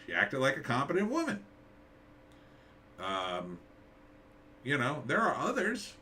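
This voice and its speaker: A middle-aged man hosts a casual live stream, drifting from point to point with sarcastic asides and answers to the chat. His voice is bright and tense, and his pitch sits in the middle for a man. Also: huge pitch swings, measured pace, slight background noise. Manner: rambling, sarcastic, reads chat names aloud.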